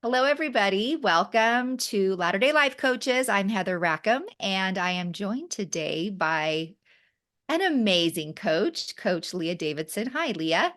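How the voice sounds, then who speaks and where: A woman's voice: medium pitch, animated, unhurried, a bit bright. A woman hosting a podcast interview, talking in a sing-song lilt. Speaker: podcast host.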